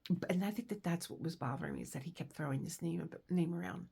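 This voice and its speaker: A woman's voice: fairly low pitch, fast, vocal fry, warm tone, a little hiss or hum. A woman vlogger in casual chat, rambling and laughing as she reads aloud and tells stories. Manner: rambling, chatty, laughs often. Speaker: crafting vlogger.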